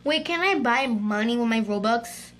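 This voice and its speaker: A woman hosting a gaming channel, giving excitable let's-play commentary and chattering to her viewers. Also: on the high side, normal speed.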